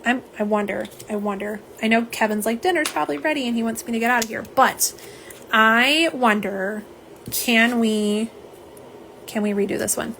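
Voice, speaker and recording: A woman's voice: a little high, flat delivery, moderate pace, creaky, fairly bright tone, a little hiss or hum. A woman hosting a live nail polish stream, talking casually and chattily to her viewers and answering their comments. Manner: chatty, talks straight to viewers as "y'all" and reads out chat comments.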